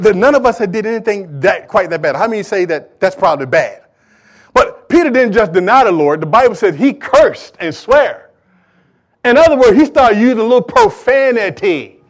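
A man preaching a sermon as pastor, colloquial and animated, acting out the quotes he tells. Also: high-pitched.

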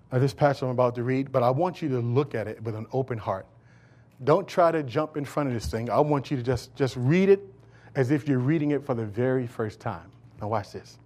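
A middle-aged man preaching a sermon as pastor in a church, shifting from calm storytelling to loud, rising shouts. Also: medium pitch. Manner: animated storytelling with acted quotes.

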